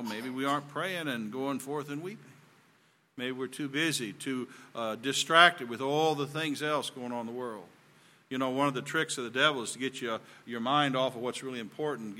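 A man with a Southern US accent delivers a sermon, earnest and folksy, pressing his points harder as he goes. His voice is bright and forceful and sits at a middle pitch. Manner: earnest, folksy preaching that builds in emphasis. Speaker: preacher.

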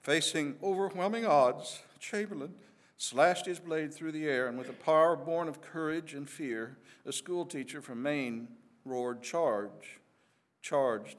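A man's voice: fairly high pitch, a bit bright. A man narrating a dramatic historical battle story with vivid, emphatic delivery.

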